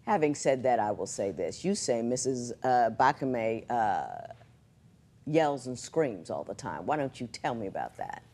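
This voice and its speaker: A woman's voice: very deep voice, big pitch swings, unhurried, a little mellow. A middle-aged woman presiding as judge on a courtroom TV show, stern and lecturing.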